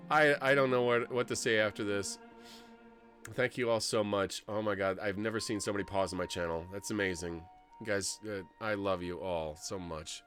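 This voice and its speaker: A man streaming a game live, shouting excited thanks and then turning tearful and emotional. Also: mid-range voice. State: close to tears. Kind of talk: live-streamed gameplay commentary.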